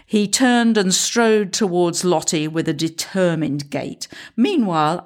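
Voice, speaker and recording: A woman narrating a comic story in a dry, wry way. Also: low voice.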